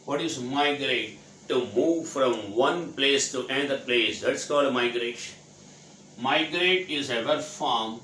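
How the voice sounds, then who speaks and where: This is a slow-paced, medium-pitched man's voice with a slightly bright tone. He is from India and teaches English vocabulary, spelling every word out letter by letter and responding to his own questions. The audio comes from an echoey room with some faint noise.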